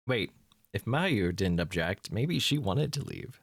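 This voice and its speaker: A man's voice: on the low side, big pitch swings, a little slow, creaky, no room sound. A man with congested sinuses commenting on a horror game, joking in a dry, sardonic way. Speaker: let's play host.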